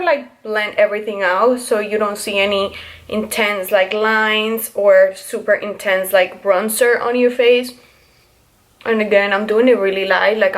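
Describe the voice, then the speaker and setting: A young woman talks through her makeup routine in a relaxed, chatty way, full of little fillers as she explains each step. Her voice sits at an ordinary middle pitch for a woman. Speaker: beauty vlogger. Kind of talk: casual makeup tutorial.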